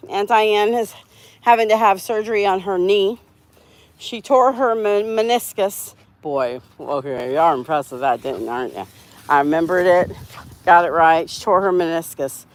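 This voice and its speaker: A woman's voice: fairly low pitch, normal speed. A woman hosts a casual livestream, chatting with viewers and reading their comments. She talks outdoors while walking her dogs, rambling and laughing at her own slips. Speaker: livestream host.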